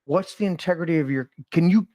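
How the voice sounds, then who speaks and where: A man hosting a casual conversation, telling animated stories and swearing freely. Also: on the high side, fast talker, dry recording. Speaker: podcast host.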